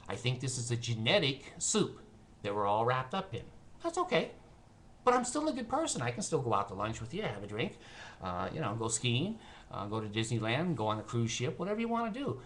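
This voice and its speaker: An older man holds forth alone in front of his camera, drifting from story to opinion with a sardonic laugh. His voice is bright and forceful, at a middling pitch for a man. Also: a little hiss or hum. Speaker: vlogger. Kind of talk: casual monologue to camera. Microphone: camera mic.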